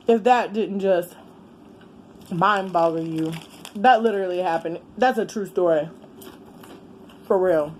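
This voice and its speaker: A middle-aged woman, chatting casually as a vlogger while eating, exclamatory and quick to laugh. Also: medium pitch, a little mellow, a little hiss or hum. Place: home, with a fan running.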